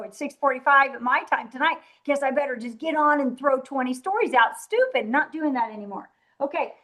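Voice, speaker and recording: High-voiced woman giving an energetic sales training. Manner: energetic, emphatic, talks straight to the group; acts out her own sales pitches in a softer voice. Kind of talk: motivational training talk.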